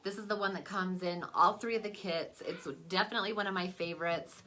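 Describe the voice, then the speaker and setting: A woman's voice: medium pitch, fairly even intonation, brisk, bright, forceful tone. A young adult woman chatting casually in a makeup vlog at home, rambling with lots of fillers. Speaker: vlogger. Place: at home, away from her desk.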